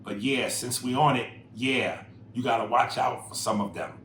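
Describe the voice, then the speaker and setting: A man co-hosting a casual podcast, reading listener emails and riffing on them in a profane, animated way that jumps loud and high when he makes a point. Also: normal speed. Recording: roomy echo with faint noise.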